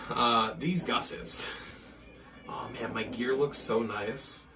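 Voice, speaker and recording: A man from Maine, a pro wrestler guest on a podcast, telling profane, animated stories and acting out what people said. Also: mid-range voice, slow, far from the mic, a little hiss or hum. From Maine, USA. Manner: animated, profane, acts out quotes. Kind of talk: casual storytelling chat.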